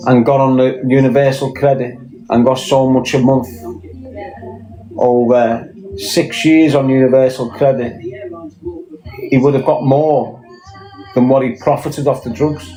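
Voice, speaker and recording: A man's voice: mid-range voice, steady tone, a little slow, pauses often, dark tone, soft background music, poor audio. A Scouse man talking bluntly in casual chat, swearing often and firing off rhetorical questions. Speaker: podcast guest.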